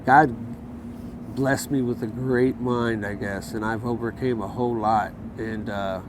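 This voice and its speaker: A man's voice: mid-range voice, steady tone, unhurried. A man telling his story in a casual outdoor interview, heated and profane, acting out what others said to him. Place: outdoors in a city. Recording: outdoor street noise.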